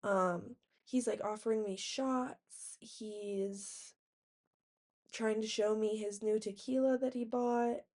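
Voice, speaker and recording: Young adult woman, mid-range voice, casual diary vlog, animated storyteller with a constant "like". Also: medium pitch, takes it slowly. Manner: animated retelling, heavy use of "like", acting out quotes. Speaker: diary vlogger.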